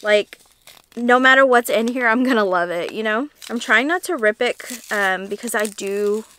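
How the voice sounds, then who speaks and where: A woman's voice: a little high, normal speed, sharp tone. A young woman vlogging casually about her crochet work and mail from fans, chatty and gushing, with lots of fillers and a teary edge. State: teary, emotional. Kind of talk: casual vlog chat.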